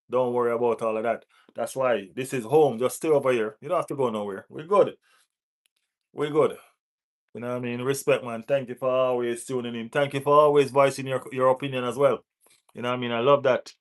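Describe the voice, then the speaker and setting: A man with a West Indian accent hosting a live football watch-along, giving shout-outs to viewers in the chat, laughing and teasing rival fans. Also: mid-range voice. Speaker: football channel host.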